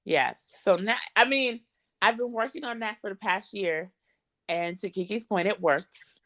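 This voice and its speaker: A woman in her thirties co-hosting a podcast, blunt and animated in casual chat, acting out arguments. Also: medium pitch, a little slow, dry recording. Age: 30s. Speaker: podcast co-host.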